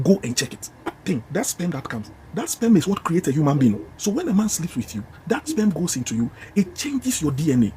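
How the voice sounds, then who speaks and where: A man's voice: on the high side, mellow, slight background noise. A man preaching with a Ghanaian English accent, scolding his congregation emphatically and repeating key phrases. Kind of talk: fiery sermon.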